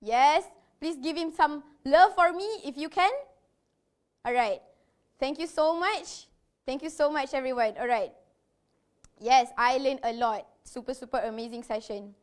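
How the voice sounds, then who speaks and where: High-voiced breathless woman host. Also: a little slow, pauses often. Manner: breathless, chatty, repeats herself. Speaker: event host running quizzes. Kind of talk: energetic online event hosting.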